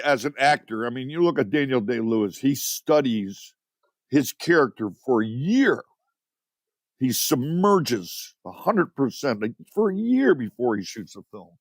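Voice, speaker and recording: A man in his sixties from Chicago, a podcast guest telling rambling, animated stories. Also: medium pitch, dry recording, clean studio sound. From Chicago, USA. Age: 60s. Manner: animated, rambling, repeats words. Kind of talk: casual storytelling interview. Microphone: podcast mic.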